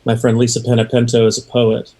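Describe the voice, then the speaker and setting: A man chatting as a guest on a talk show, hesitant and soft-spoken. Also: medium pitch, monotone, a little fast. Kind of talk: casual chat.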